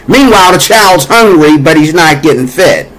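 An American vlogger with a fairly high, bright voice and lively intonation rants about politics at a normal pace. He rambles and repeats himself, uses lots of fillers, and gets more heated as he goes. The audio quality is poor.

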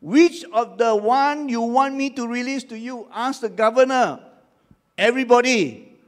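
Older pastor, high lively voice, slow dramatic delivery, leads crowd responses. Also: male voice. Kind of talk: sermon.

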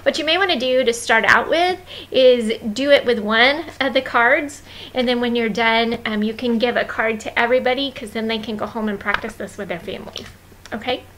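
A woman leading a children's ministry training, walking volunteers through the week's activities in a friendly, instructive way with many pauses and fillers. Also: a little high, fairly bright tone, rough recording.

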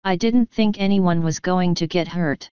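A woman's voice: on the low side, unhurried, clean tone, no echo, lo-fi sound, close to an everyday voice. A nervous, shifty crook, read by a woman. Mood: pleading. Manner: hushed and pleading.

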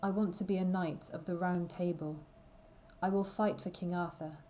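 A woman's voice: fairly low pitch, fairly even intonation, moderate pace, mellow, slight background noise, close to an everyday voice, poor audio. A woman voicing Tristram, an earnest and loving young male knight, in a storybook read aloud.

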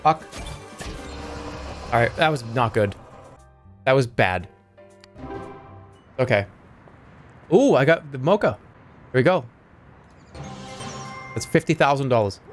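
A man streaming a video game, talking his way through it with sudden yelps, swearing and bursts of excitement, and sometimes reading the game's dialogue aloud. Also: mid-range voice, slow pace, pauses often, soft background music. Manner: excitable, swearing, yelps and shouts when things go wrong. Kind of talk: live gameplay commentary.

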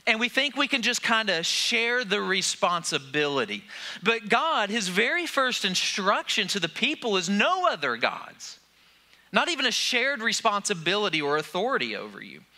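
A man's voice: sits high, very animated, moderate pace, bright, forceful tone. A man preaching a sermon to a church, talking conversationally and posing questions to the congregation. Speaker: pastor.

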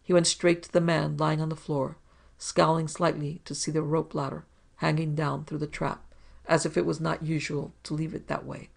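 Gravelly, husky woman narrating pulp adventure. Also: deep voice, little pitch movement, moderate pace. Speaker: narrator and producer.

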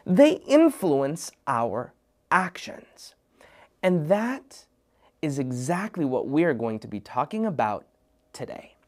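A man's voice: on the high side, big pitch swings, slow, darkish tone. A man hosts a children's program with playful, upbeat energy. He addresses young viewers directly and jokes with them as he presents. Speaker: host of a kids' program. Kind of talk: lively kids' show presenting.

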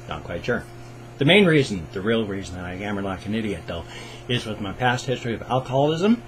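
An older man with an American accent rambles through a casual vlog intro, folksy and self-mocking. His pitch swoops up and down lively as he talks. A faint hum sits under the recording. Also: poor audio. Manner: folksy, self-deprecating, talkative, mock-sing-song bits. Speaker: reaction video host.

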